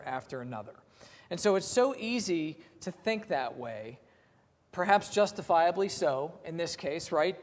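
A man preaching in an easygoing, plain-spoken manner. He reads scripture aloud slowly and talks with his listeners as if chatting. His slightly higher voice carries a long reverb off the walls. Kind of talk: sermon.

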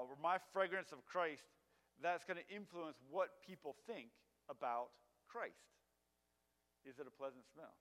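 A man's voice: on the high side, fairly bright tone. A man giving a casual sermon, conversational and full of fillers, asking his audience questions. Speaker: preacher. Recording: long hall reverb.

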